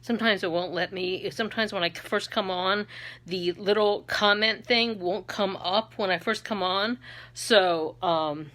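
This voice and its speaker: Middle-aged lady doing makeup on camera, chatty and giggly, crisp bright voice. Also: measured pace. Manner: chatty, laughs often, bursts into shrill put-on accents. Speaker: beauty vlogger and makeup seller. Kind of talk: casual makeup tutorial chat.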